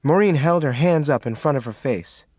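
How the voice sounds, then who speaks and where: A man narrating an audiobook with expressive scripted reading. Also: on the high side, moderate pace, dry recording, studio quality.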